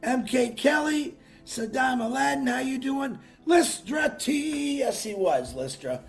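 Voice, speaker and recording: A man's voice: very high-pitched, expressive, a little slow, vocal fry, soft background music. A man hosting a live stream, chatting casually and greeting viewers by name with upbeat bursts, his voice worn from a long weekend. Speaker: livestream host.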